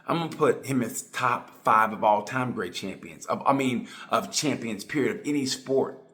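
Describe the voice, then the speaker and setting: A middle-aged man giving a rambling, excitable, tongue-in-cheek monologue about motorcycle racing. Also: mid-range voice, normal speed. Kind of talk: casual monologue.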